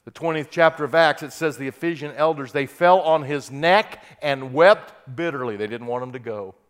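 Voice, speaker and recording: Impassioned preacher man, smooth voice. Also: on the high side, moderate pace. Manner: builds to loud impassioned peaks, then drops to quiet; reads scripture aloud with emphasis. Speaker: pastor. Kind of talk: sermon.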